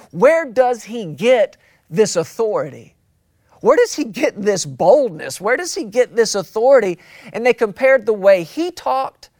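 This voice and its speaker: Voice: mid-range voice, dry recording, studio quality. A pastor preaching a sermon, emphatic and repetitive, drawing out key words for weight.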